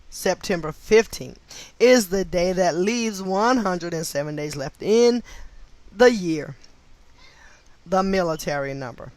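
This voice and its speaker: A woman's voice: lowish voice, dry recording. A woman reading a nonfiction book aloud, stopping to spell out names letter by letter and add short asides of her own. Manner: spells out names letter by letter, interjects brief agreement. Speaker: book reader.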